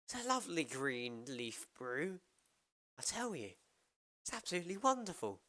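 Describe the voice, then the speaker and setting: A man's voice: sing-song, normal speed, pushed and bright, dry recording. Man putting on a plummy posh Brit. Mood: jokey posh. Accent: exaggerated posh British. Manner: high, plummy, theatrical. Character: over-the-top posh British man, tea-loving.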